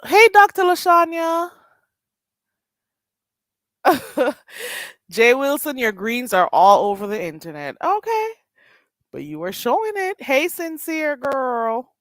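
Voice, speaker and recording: A woman's voice: sits high, takes it slowly, pauses often, no echo. A woman with a Jamaican accent hosting a casual livestream, reading chat comments aloud and exclaiming. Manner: animated, laughing, exclaiming at chat. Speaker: livestream host.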